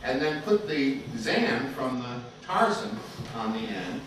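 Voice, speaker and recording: A man's voice: medium pitch, big pitch swings, slow, hardly any pauses. A man teaching a music class, explaining step by step and chanting rhythm syllables to his students. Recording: echoey classroom, far from the mic, loud noise.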